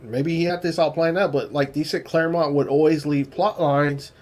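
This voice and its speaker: Man co-host, slightly high voice, casual chat, laughs and cusses while he retells scenes. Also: fairly even intonation, normal speed, a little mellow. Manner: retells scenes with acted quotes, laughs often, swears freely. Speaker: podcast co-host. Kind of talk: casual comic book review chat.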